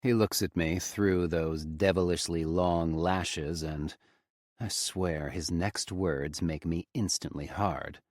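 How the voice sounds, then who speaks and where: A man reading a romance audiobook in the first person with a very deep voice. His delivery is low and intimate, in the steady manner of a storyteller. The close studio mic gives a dry sound with no room around it. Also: slow pace, no room sound. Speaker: audiobook narrator.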